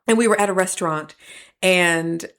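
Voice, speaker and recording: A woman with a lowish voice speaks in a reflective podcast monologue. She tells personal stories and shifts into animated voices when she quotes people. She sounds like a professor sharing lessons with listeners. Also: moderate pace.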